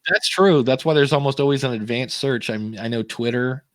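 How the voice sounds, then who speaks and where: A man's voice: mid-range voice, fairly quick, no echo, clean studio sound. A man co-hosting a live podcast in casual chat, rambling and joking as he reads out viewer questions. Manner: rambling, jokey, self-interrupting. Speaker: podcast co-host.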